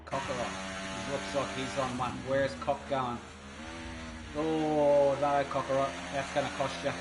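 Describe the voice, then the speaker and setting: A man commentating a sim racing qualifying session, excitable and rambling with fillers. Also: mid-range voice, a little slow. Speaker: race commentator. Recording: noisy background of engine sounds. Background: racing car engine noise.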